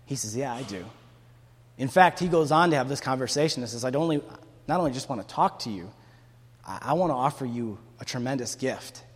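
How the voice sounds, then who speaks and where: A man's voice: medium pitch, animated, fast, husky. A man preaching a sermon in a casual, conversational way, acting out the people in the story with bursts of energy. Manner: conversational preaching, acts out quotes with rising energy. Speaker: pastor. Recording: long hall reverb.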